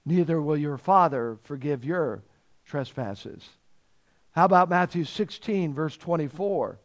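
A man with a fairly high voice preaches in an unhurried, deliberate way. He leans on repeated phrases for emphasis and reads scripture aloud in its old-fashioned wording. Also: animated. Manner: emphatic preaching, repeats key phrases and stretches words for weight. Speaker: pastor. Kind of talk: sermon.

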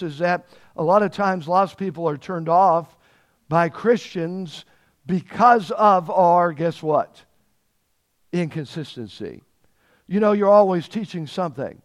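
A man preaching a sermon, leaning hard on key words and asking the congregation questions. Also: sits high. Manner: emphatic, drawn-out stresses on key words.

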